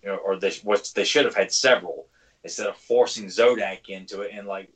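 Low-voiced rambling man in a podcast chat. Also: steady tone, a little fast, fairly bright tone, low-quality recording. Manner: rambling, many fillers, opinionated. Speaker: podcast co-host. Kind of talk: casual fan podcast chat.

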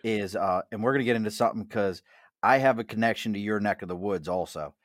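A middle-aged host with a Mid-Atlantic American accent runs a casual chat at a bar, jokey and chatty with lots of laughs. His voice sits on the low side and moves at a quick pace, recorded in clean studio sound with no echo.

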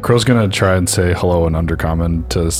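A man's voice: low-pitched, a little fast, a little mellow, soft background music. A man playing in a tabletop game, speaking hesitantly in and out of character. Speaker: player. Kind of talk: casual chat and in-character talk at a tabletop game.

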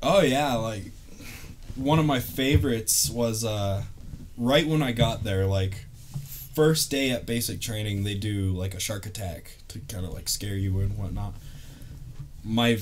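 A man's voice: fairly low pitch, measured pace, slight background noise. Laid-back storytelling young man. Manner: laid-back storytelling, lots of fillers and laughter. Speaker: interviewee, army veteran. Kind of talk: casual chat.

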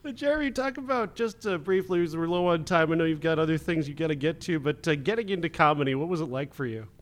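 A man's voice: on the high side, expressive, fast. A man hosting a casual interview who chats and laughs along with his guest. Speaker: interview host.

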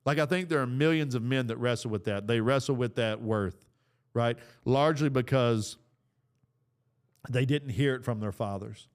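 Middle-aged male podcast host, earnest preacher delivery with casual asides, smooth clear voice. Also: medium pitch, moderate pace. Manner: earnest, exhorting, with casual fillers. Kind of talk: preaching-style talk.

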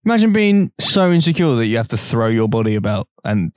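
A young man, co-hosting a podcast and trading deadpan, teasing quips. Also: mid-range voice, brisk, dry recording, studio quality. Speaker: podcast co-host. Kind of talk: crude casual banter.

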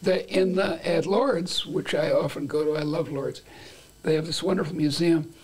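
A man's voice: fairly high pitch, steady tone, normal speed, darkish tone, slight background noise. An older man as an interview guest, talking in a rambling, playful way with many restarts. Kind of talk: conversational interview.

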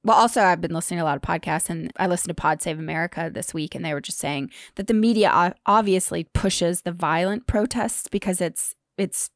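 A woman's voice: on the low side, brisk, few pauses, no room sound, clean studio sound. A woman co-hosting a casual chat, mostly giving brief agreement and matter-of-fact remarks.

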